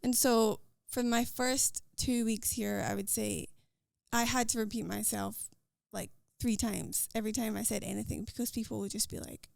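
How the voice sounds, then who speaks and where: A Scottish woman speaking quickly and earnestly as a guest in a casual conversation. Her voice sits fairly high with a gravelly, fry-tinged edge. The sound is dry and close. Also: fairly even intonation, darkish tone, no echo. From Scotland. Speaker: podcast guest. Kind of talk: casual interview chat.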